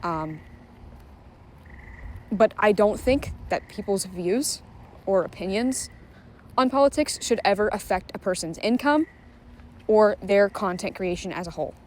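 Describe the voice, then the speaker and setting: A woman's voice: mid-range voice, expressive, a little slow, long pauses, darkish tone, slight background noise. A woman giving casual online commentary, talking frankly with lots of fillers and swearing. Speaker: commentary YouTuber.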